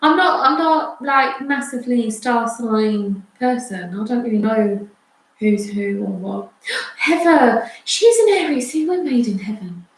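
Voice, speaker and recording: A playful woman co-hosts a casual livestream, teasing her partner and reading out viewer comments. Her voice is slightly high and carries a very echoey room. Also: animated, unhurried. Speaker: co-host of a livestream.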